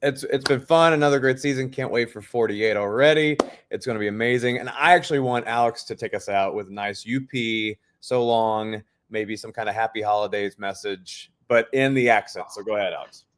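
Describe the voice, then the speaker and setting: A man's voice: lowish voice, brisk, few pauses. A man co-hosting a fan podcast, upbeat and brief in casual chat. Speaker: podcast co-host.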